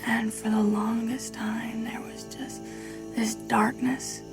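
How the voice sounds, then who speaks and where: An actress playing an earnest, hopeful young woman in a film, speaking in a soft, breathy whisper with slow, sincere delivery. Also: a little high, level tone. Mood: dreamy. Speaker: film character. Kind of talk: film dialogue monologue. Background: soft new-age instrumental music.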